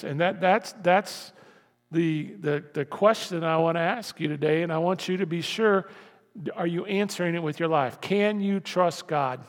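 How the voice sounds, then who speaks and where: A man's voice: on the high side, normal speed, in a large hall. An older man preaching a conversational, folksy sermon to his congregation, with asides and everyday stories. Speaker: pastor.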